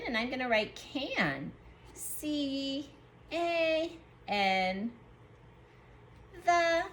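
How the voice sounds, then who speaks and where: A woman teacher leading a young class through a writing lesson, sounding out letters slowly and praising the children as they work. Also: high-pitched, a bit bright, a little hiss or hum. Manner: slow, drawn-out letter sounds. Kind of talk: early-grade writing lesson.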